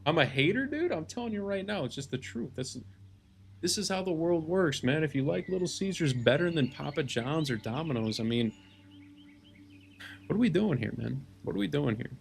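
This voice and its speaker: A man's voice: on the high side, animated, normal speed, gravelly, slight background noise. A man in his thirties, a game streamer chatting casually on a live stream, rambling and swearing in mock rants. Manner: rambling, profane, mock-ranting.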